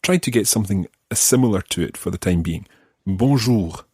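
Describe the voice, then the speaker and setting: Scottish man, language teacher, low husky voice, dry close studio sound, patient. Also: a little mellow, no echo. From Scotland. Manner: patient, slow careful modelling of words. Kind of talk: podcast language lesson.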